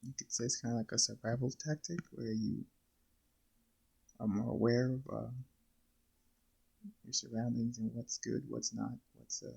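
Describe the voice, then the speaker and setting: A man hosting a reaction video, casually thinking aloud with many pauses and fillers. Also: medium pitch, steady tone, vocal fry, a little mellow, breathy edge, rough recording.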